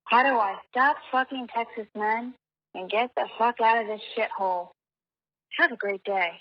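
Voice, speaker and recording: A woman's voice: on the high side, normal speed. A woman calling in to a podcast with a recorded message, crude, self-mocking and dramatic. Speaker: caller. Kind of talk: recorded voicemail question. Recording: dull lo-fi phone message.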